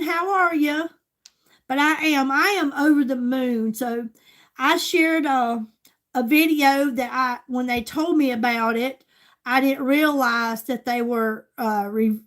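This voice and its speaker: A woman's voice: high voice, a bit bright. An older woman, a grandmother chatting casually with her livestream viewers in a gushing way. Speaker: livestream host.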